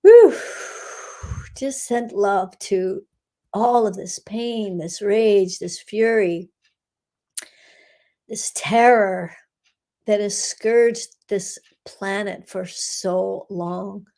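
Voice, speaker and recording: A woman leads a guided energy-clearing meditation at a slow, unhurried pace. She laughs softly and often, and sometimes drops to a near whisper. Her voice sits at an ordinary middle pitch. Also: steady tone. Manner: unhurried, giggly, frequent soft laughs. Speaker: energy healer hosting a live session.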